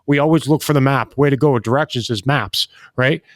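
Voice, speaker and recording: A man's voice: mid-range voice, fairly quick, no room sound. A man co-hosting a podcast, speaking emphatically and making his points with analogies and frequent tag questions. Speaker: podcast co-host. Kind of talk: casual chat.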